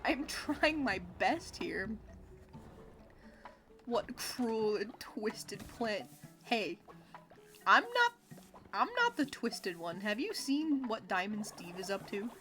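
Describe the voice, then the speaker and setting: A woman livestreaming a video game, chatting casually with her viewers in a giggly, expressive, playfully complaining way. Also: mid-range voice, slow pace. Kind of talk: casual gameplay chat with viewers. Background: faint game music.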